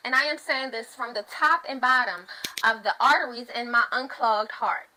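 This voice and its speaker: A woman rants to camera in a bright, sharp voice. She is blunt and profane and hammers her points by repeating them. Her pitch sits high. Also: normal speed, slight background noise, poor audio. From United States. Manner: blunt, profane, emphatic, repeats phrases for emphasis. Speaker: mother of two, online host. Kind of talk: ranting commentary to camera.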